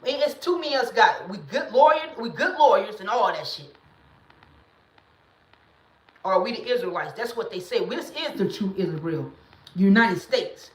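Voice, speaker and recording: A woman hosting a livestream in casual talk, blunt and emphatic, sometimes rising into loud preaching bursts, speaking into a phone or webcam. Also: mid-range voice, animated, normal speed, long pauses, reverberant. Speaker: livestream host.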